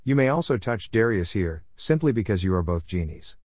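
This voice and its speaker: A man's voice: lowish voice, very animated, a little fast, darkish tone, no echo, studio quality. A man voicing a pompous angel of death. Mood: stern. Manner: stiff, correct, lecturing.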